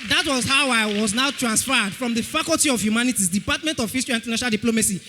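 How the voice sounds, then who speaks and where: A young man with a Nigerian accent tells an animated testimony in church, acting out the voices of others. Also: very high-pitched, rapid-fire, long reverb tail, background noise. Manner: animated storytelling, acts out voices. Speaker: church member giving testimony.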